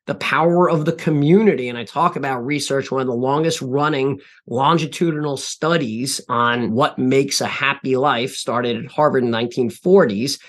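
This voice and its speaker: A man in his forties speaks as a podcast guest, earnest and reflective, with a middle-pitched voice. He often stops and restarts phrases as he recalls personal stories. The delivery is plain and close to the mic. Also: moderate pace, few pauses. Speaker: podcast guest, CEO and author. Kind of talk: interview storytelling.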